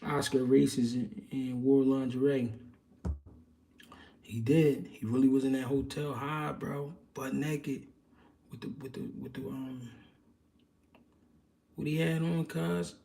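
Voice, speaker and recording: Gravelly-voiced man in casual boxing talk. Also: mid-range voice, fairly even intonation, takes it slowly, long pauses, dark tone, distant mic, a little hiss or hum. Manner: slangy, loose street talk with many fillers. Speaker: livestream host answering viewer questions.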